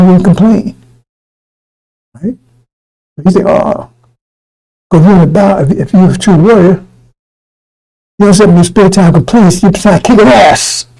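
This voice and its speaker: Gravelly, dark-toned preacher man. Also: sits high, low-quality recording. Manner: blunt and profane, mocking voices, laughing. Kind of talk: loose street sermon.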